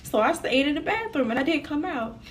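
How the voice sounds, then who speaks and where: A woman's voice: high-pitched, lively intonation, a little fast. A young woman telling a personal story to her viewers in a candid, slangy, casual way.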